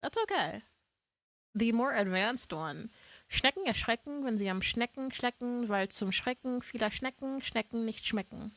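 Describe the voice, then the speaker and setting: A woman's voice: a little high, animated, normal speed, a bit bright, no echo. Playful swearing woman streamer. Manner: playful, laughs often, swears freely. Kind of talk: casual live-stream chat.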